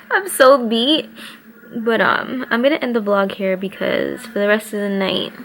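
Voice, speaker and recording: A young woman talking casually to her vlog viewers, telling a story in a dramatic, fast way. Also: medium pitch, a bit bright, roomy sound, slight background noise. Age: young adult. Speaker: vlogger.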